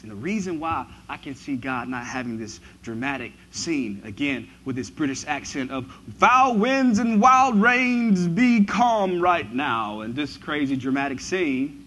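A man preaching a sermon who moves from quiet, reflective passages to loud, emphatic ones. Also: mid-range voice, a little hiss or hum, rough recording.

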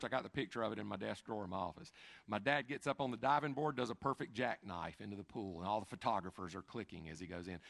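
Animated gravelly preacher. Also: male voice, mid-range voice, no echo, studio quality. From Chattanooga, Tennessee. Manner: animated, swings between hushed asides and loud emphatic bursts. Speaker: pastor. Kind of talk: sermon storytelling.

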